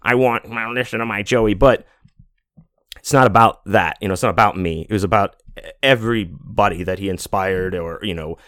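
A man's voice: fairly low pitch, normal speed, fairly bright tone, dry recording, studio quality. A man in his forties hosting a podcast, talking in a rambling, casual monologue full of fillers, restarts and swearing. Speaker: podcast host.

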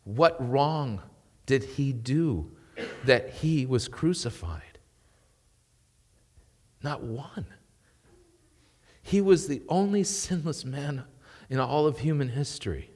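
A man preaching a sermon as pastor, emphatic and swinging between loud and quiet. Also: medium pitch, animated, slow pace, pauses often, in a large hall. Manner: emphatic preaching with rising and falling intensity. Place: church.

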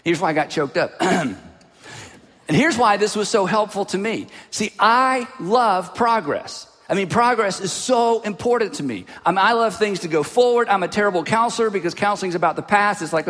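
A man preaching a sermon as a pastor, telling a personal story in an animated way and dropping his voice low for asides. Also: moderate pace. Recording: long hall reverb.

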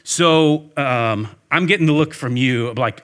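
A man's voice: a little high, moderate pace, bright, forceful tone. A man preaching a sermon, telling a story earnestly and leading a prayer. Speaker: pastor.

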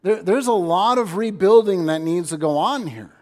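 A man's voice: sits high, expressive, normal speed, darkish tone. A man voicing God as a stern male figure who scolds his people insistently.

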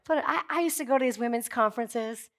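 Woman, pastor, high voice, sermon, emphatic, forceful declarations, jokey asides. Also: fast talker.

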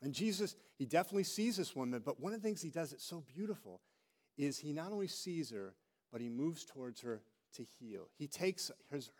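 A middle-aged man preaching a sermon as a pastor, telling stories with animated delivery and acting out quoted voices. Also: mid-range voice.

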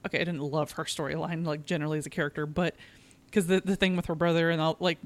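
A woman's voice: low-pitched, level tone, quick pace. Chatty laughing podcast woman. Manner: chatty, laughs easily, hesitant fillers. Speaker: podcast co-host. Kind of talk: casual chat.

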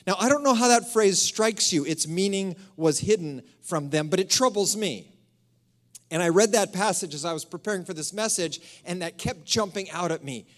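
A man preaches a sermon from the pulpit, his voice sitting a little high. He speaks with lively energy, then drops to near-whispers to drive key phrases home. He comes across as a church pastor addressing his congregation on a stage microphone. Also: normal speed. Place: church sanctuary.

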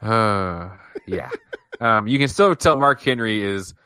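A man with a bright, forceful voice chats easily about a wrestling show, throwing in "dude" and voicing his own reactions. It is recorded close and dry. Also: lowish voice, lively intonation, slow, clean tone, no echo. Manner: laid-back, says "dude", acts out reactions. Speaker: podcast co-host. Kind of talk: casual chat recapping wrestling.

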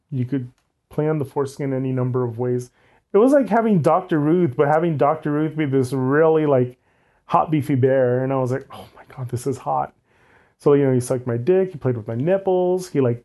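A man's voice: mid-range voice, dark tone. A young man telling a candid personal story, frank and often laughing, with many "like"s. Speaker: guest.

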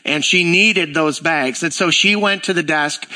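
A man with a bright, ringing voice pitched a little high preaches to his church. He talks casually and animatedly, slipping into lively acted-out dialogue when he tells a story. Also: unhurried. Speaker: pastor. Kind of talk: sermon.

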